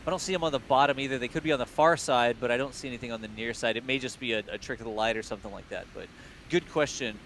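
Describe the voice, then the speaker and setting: A man co-hosting a launch livestream in casual, joking chat, his voice worn hoarse. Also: medium pitch, racing, a bit bright, a little hiss or hum. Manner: joking, laughs often. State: losing his voice. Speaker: livestream co-host.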